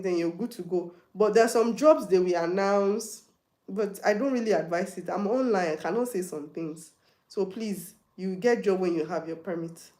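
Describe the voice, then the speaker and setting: Nigerian woman, live stream host, casual chatty advice, mid pitch, roomy echo. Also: darkish tone. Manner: chatty, advising viewers directly, mixing in Yoruba and pidgin. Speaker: livestream host.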